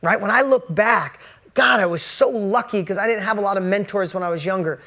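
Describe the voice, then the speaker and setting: A man's voice: sits high, fairly quick, pushed and bright. A man giving an earnest, conversational motivational talk straight to camera, pressing his points with emphasis. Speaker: motivational speaker.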